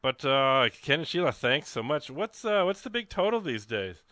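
A man hosting a radio fund drive show, chatty and rambling, with excited exclamations and lots of fillers. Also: on the high side, normal speed, few pauses, no room sound. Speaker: radio host. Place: radio studio.

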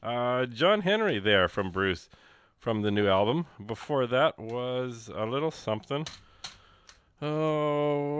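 A man's voice: medium pitch, lively intonation, slow pace, long pauses, fairly bright tone, slight background noise. A man hosting a radio music show, chatting casually in a rambling, joking way with many fillers and restarts from the studio.

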